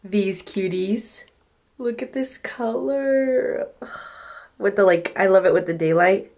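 A woman in her twenties chatting casually in a crochet vlog from her home office, gushing and excitable. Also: mid-range voice, slow, recorded from a distance. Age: 20s. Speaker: crochet vlogger.

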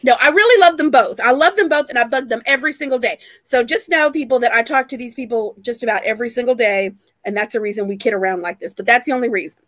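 A woman hosting a casual vlog, excitable and gushing, laughing often. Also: a little high, quick pace, few pauses, no room sound. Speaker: vlog host. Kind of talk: casual chat on a live vlog.

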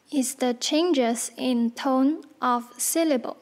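A woman with a high voice runs a slow pronunciation drill. She spells out letters one by one, carefully and deliberately, with long pauses between words. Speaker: language teacher.

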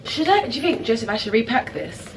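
A woman's voice: on the high side, very animated, quick pace, a little hiss or hum. A young woman with a British accent, chatting upbeat to her viewers in a casual vlog. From England. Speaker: vlogger.

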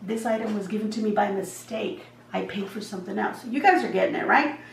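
A woman's voice: medium pitch, a little fast, vocal fry. Chatty woman telling a story in an echoey room. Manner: animated retelling, acts out dialogue. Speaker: vlogger. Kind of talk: casual storytime chat. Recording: echoey room, voice a bit far from mic, faint background hum.

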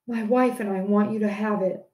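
Woman voicing a trusting poor farmer, earnest storybook reading, fairly high voice, echoey room. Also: fairly even intonation, moderate pace, darkish tone, natural voice. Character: hopeful poor male farmer, trusting and kind.

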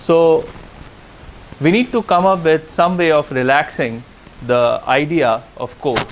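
A man giving a university lecture, explaining step by step with frequent "uh" and "okay" pauses. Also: a little high, slight background noise, rough recording. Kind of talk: classroom lecture on game theory.

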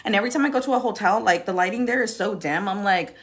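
A woman makeup influencer chatting casually through a live product demo, bubbly, laughing often, swearing playfully and filling pauses with "um". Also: mid-range voice, a little hiss or hum.

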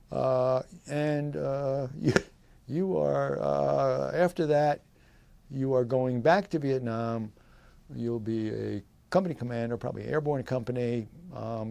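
A man's voice: medium pitch, fairly even intonation, measured pace, vocal fry, warm tone. A man in his eighties, a veteran, recalling his service in an oral history interview, rambling with fillers and short laughs. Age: 80s. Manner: voices quoted people in livelier tones.

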